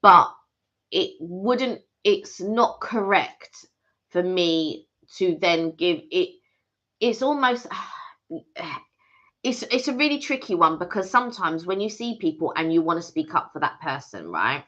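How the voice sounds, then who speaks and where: A woman co-hosting a casual live stream, explaining her point earnestly. Her voice is bright and swings widely in pitch. The sound is slightly dull and lo-fi. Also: lively intonation, measured pace. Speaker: channel co-host.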